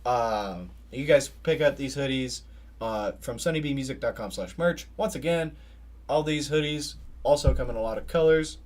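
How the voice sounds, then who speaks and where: A man's voice: mid-range voice, moderate pace, darkish tone. A young adult man hosting a podcast, telling rambling stories in casual livestream chat and laughing often. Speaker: podcast host.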